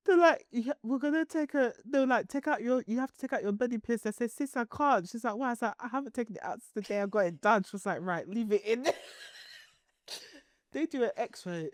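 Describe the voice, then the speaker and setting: A high-voiced woman, chatting on a podcast and recounting a story with lots of laughter. Her voice sounds close and dry, with no room sound around it. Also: dry recording. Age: 30s. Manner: animated, laughs often while telling a story. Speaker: podcast co-host. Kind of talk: casual storytelling chat.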